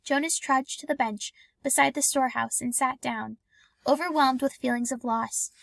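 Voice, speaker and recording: A woman narrating a novel aloud in a calm, even storytelling voice. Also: sits high, moderate pace, creaky, dry recording. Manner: calm, even storytelling with lightly acted dialogue. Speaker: audiobook reader. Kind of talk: scripted narration.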